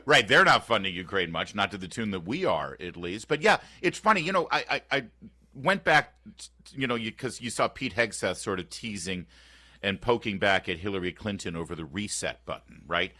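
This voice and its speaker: Bright-voiced man hosting talk radio. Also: on the low side, fairly quick, dry recording. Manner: animated, sarcastic, frequent restarts. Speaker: radio talk show host. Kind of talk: casual opinionated talk radio chat. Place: radio studio. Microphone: close studio microphone.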